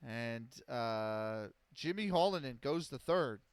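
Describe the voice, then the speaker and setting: A man streaming casual play-by-play of a simulated baseball game, measured and steady, often pausing on fillers and correcting himself. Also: medium pitch, clear, resonant tone, no echo.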